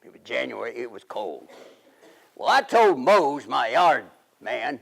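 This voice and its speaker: A man's voice: mid-range voice, very animated, measured pace, vocal fry, fairly bright tone, full character voice. A middle-aged man, playing a folksy, rambling 1880s riverboat man and husband in a period monologue.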